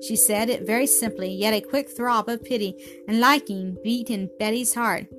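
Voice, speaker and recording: A woman's voice: a little high, normal speed. Woman reading a story over music. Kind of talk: scripted narration. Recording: music playing behind the voice.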